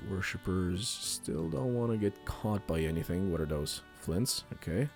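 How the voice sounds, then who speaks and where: A man's voice: low voice, lively intonation, unhurried, gravelly, darkish tone, faint music behind. A man giving casual let's play commentary, chatty and thinking aloud while he plays. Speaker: gaming youtuber.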